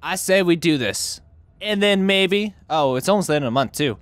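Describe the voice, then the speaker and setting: Brief: lively male let's play host, wide pitch swings, goofy inflections, dry close sound. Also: moderate pace, dry recording. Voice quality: swings pitch wildly, playful odd inflections, swears. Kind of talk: casual gameplay commentary.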